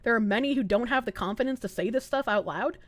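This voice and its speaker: A woman's voice: on the high side, quick pace, a crowd in the background. A woman streamer ranting live in heated, sarcastic, profane commentary. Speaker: Twitch streamer.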